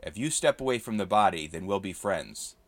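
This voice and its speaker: A man's voice: sits low, lively intonation, brisk, no room sound. A man voicing a menacing male renegade warrior who threatens and snarls as he holds a hostage. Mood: snarling. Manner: threatening, snarky, increasingly furious.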